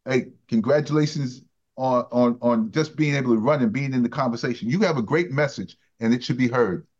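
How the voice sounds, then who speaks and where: A man's voice: mid-range voice, brisk, a little mellow. A man, a union president hosting a radio interview, asking leading questions in a conversational way. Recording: dull lo-fi radio sound.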